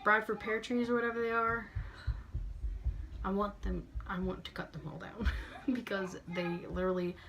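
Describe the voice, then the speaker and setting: A woman's voice: mid-range voice, little pitch movement, normal speed, fairly bright tone, dull audio, slight background noise. Bubbly late-teen girl, sassy casual vlog chat, congested and breathing hard, a mid-range voice. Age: late teens. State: stuffy nose, breathing hard. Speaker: beauty vlogger. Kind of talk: casual room tour chat. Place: her bedroom.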